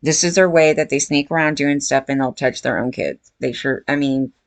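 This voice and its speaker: A gravelly, fry-heavy woman in her forties talks straight to her viewers in a loose, unscripted rant. Her tone is blunt and indignant, with casual swearing, and the sound is close and dry with almost no room around it. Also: a bass voice, moderate pace, no room sound. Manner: blunt, outraged, swears freely. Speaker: true-crime commentary vlogger. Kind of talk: casual reaction commentary.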